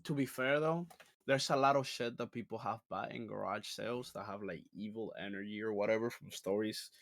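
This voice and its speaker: A man hosting a casual podcast, reacting to videos in a crude, excitable way with lots of swearing. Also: on the low side, brisk, dry recording. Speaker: podcast host.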